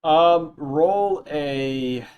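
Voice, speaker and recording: A man's voice: a little high, extremely slow, smooth, dull audio. A man narrating as dungeon master in a tabletop game, hesitant and full of ums and uhs.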